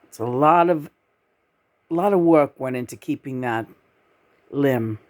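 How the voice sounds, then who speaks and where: A woman's voice: very deep voice, measured pace, darkish tone, voice pushed down. A woman speaking as the spirit of a late man who talks through her, soothing her one moment and lecturing viewers the next, in what sounds like her own everyday voice. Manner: lecturing, addresses the audience as folks.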